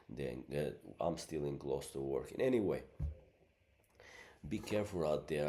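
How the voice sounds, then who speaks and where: A man's voice: extremely low pitch, warm tone. A middle-aged man, an Albanian native speaker, talking in a rambling casual monologue with many fillers, his voice blocked up from a month of illness. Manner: rambling, many fillers like "you know what I mean". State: sick, congested voice.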